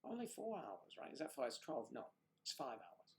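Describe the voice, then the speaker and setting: A man's voice: mid-range voice, wildly swooping pitch, moderate pace, a little hiss or hum. Man, middle-aged, from the United States, livestream co-host, teasing, bawdy puns, casual chat. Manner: bawdy joking, teasing viewers by name.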